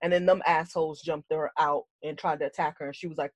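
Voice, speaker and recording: A woman's voice: sits low, steady tone, fast, no echo. A woman co-hosting a podcast in casual chat, talking bluntly and swearing freely as she tells her thoughts with animation. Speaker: podcast co-host.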